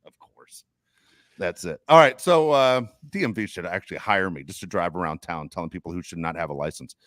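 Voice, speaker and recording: A man's voice: deep voice, quick pace, fairly bright tone, no room sound. A man co-hosting a podcast in casual chat, ranting and swearing often. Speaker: podcast co-host.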